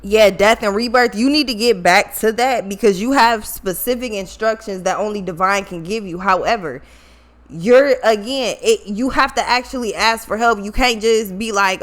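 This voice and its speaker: A woman's voice: mid-range voice, normal speed. A woman giving a casual tarot reading, blunt and swearing freely, repeating points for emphasis, with features. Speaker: tarot reader.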